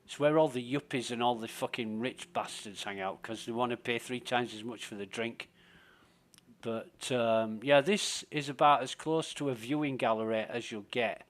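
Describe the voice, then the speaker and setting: A man's voice: mid-range voice, moderate pace. A man, streaming a game live and giving rambling, profane, sardonic commentary.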